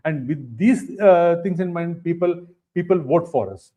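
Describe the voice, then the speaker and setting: A man with an Indian English accent, a political guest answering interview questions in a halting way, full of fillers and repeated phrases. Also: on the high side. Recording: dull lo-fi stream audio.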